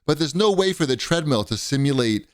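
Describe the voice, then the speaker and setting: A male podcast co-host tells long, rambling stories in casual chat, getting animated and raising his voice whenever he quotes other people. His voice sits on the high side and moves briskly, captured as a dry recording with clean studio sound.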